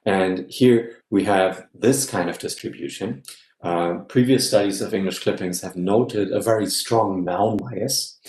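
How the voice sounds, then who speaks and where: Man lecturing, very low voice, patient explanations, frequent "yeah?" check-ins, echoey room. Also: a little slow, darkish tone, a little hiss or hum. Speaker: guest lecturer. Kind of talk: academic lecture.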